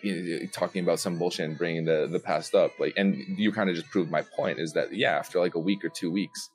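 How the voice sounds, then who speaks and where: A man's voice: deep voice, steady tone, a little fast. A man on a voice call, debating in a blunt, laid-back way and swearing a lot. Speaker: guest content creator. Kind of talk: casual heated debate.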